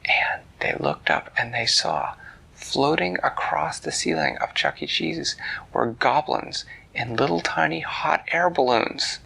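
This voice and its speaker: Dad making up a bedtime story, gravelly bright voice, very lively, whispers sometimes. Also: male voice, mid-range voice, measured pace, poor audio. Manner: playful, drops into whispers. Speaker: parent storyteller. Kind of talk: improvised bedtime story narration.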